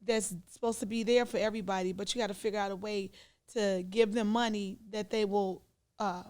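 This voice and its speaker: A woman guest on an interview podcast, a pedicurist and business owner, telling her story in a lively way and acting out the voices of people she quotes. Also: medium pitch, brisk, clear, resonant tone.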